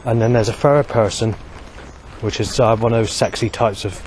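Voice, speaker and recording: A man talking alone to camera in a rambling monologue, halting often to search for words. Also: fairly low pitch, fairly even intonation, darkish tone, a little hiss or hum. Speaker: vlogger.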